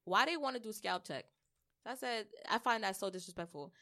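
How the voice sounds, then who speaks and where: A woman's voice: mid-range voice, expressive, a little fast, pushed and bright. A woman co-hosting a podcast, telling brash, swearing stories and acting out what people said to her. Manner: brash, swearing, storytelling with acted-out quotes. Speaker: podcast co-host. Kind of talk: casual chat.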